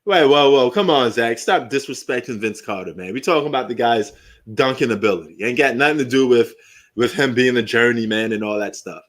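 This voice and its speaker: A middle-aged man hosts a live sports stream in casual, off-the-cuff talk. He swears freely, jokes around, and drifts into fond memories as he talks. His voice sits at an ordinary, middle pitch. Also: brisk. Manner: loose and profane, reminiscing and joking.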